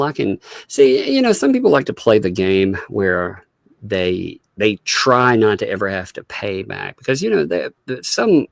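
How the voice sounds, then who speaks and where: Gravelly man hosting a casual livestream. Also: on the low side, dry recording. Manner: chatty, laughs often, many fillers. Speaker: livestream host. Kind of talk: casual live-stream commentary.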